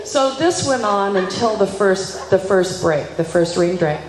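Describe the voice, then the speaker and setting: A woman's voice: medium pitch, measured pace. A woman dressage judge telling a funny competition story to an audience, acting out what people said. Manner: lively, animated storyteller acting out quotes. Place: large hall. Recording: echoey hall recording with faint noise.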